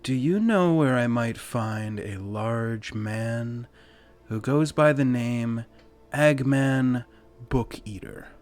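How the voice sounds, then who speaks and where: A game master voicing an ancient winged female devil who speaks in a slow, quiet, dismissive drawl. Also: mid-range voice, faint music behind, close to an everyday voice. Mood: aloof. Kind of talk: tabletop role-play voicing.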